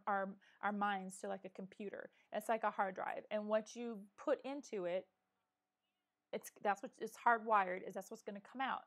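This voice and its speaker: Earnest middle-aged woman encouraging viewers. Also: mid-range voice. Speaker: live-stream vlogger. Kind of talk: casual live chat with viewers.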